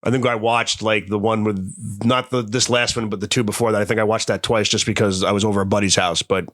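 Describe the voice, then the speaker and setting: Lower-voiced man joking as podcast host. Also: fairly even intonation, a bit bright. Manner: joking, quick banter with stumbling restarts. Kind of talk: casual chat.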